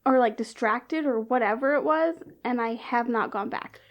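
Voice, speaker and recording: A woman's voice: fairly high pitch, normal speed, muffled recording. A woman co-hosting a casual podcast, playful and giggly, with strong opinions. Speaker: podcast co-host. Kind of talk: casual chat.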